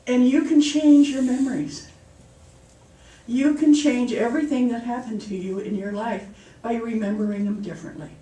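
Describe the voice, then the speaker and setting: A woman's voice: a little high, steady tone, moderate pace, mellow. A woman minister giving a sermon in a chatty, storytelling way. She laughs at her own jokes. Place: church hall. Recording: echoey hall, mic far off.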